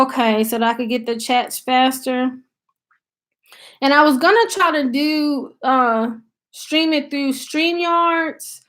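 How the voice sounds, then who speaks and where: A woman's voice: high-pitched, fairly bright tone. A woman with an American country accent hosting her channel's live stream, chatting casually and reading out viewer comments with many fillers. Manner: chatty and loose, thinks aloud with many fillers. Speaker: YouTube channel host.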